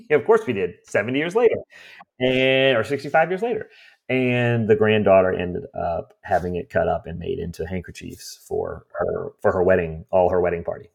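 Guy with a low gravelly voice telling stories about clearing out old houses, does little voices for people. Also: moderate pace. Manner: animated storyteller, acts out voices. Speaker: estate cleanout business owner. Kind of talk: storytelling in a conversation.

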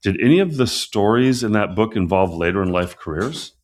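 A man's voice: fairly low pitch, expressive, a little fast, darkish tone. A man hosting an interview, asking questions and affirming his guest's answers. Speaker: interviewer host. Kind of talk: conversational interview.

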